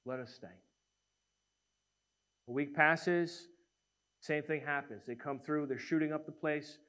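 A man preaching a sermon, telling a story in an animated way and acting out the voices of the people in it. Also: a little high, measured pace.

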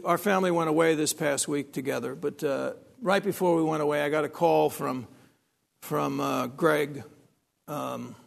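A man's voice: a little high, gravelly. A man preaching a sermon, emphatic, repeating phrases and restarting sentences.

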